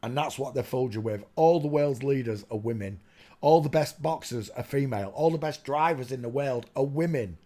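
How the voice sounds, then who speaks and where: A man's voice: medium pitch, a little fast, warm tone. Ranting man on a livestream. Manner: ranting, muttering to himself while searching on screen. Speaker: livestream host. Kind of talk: rambling livestream monologue addressing chat.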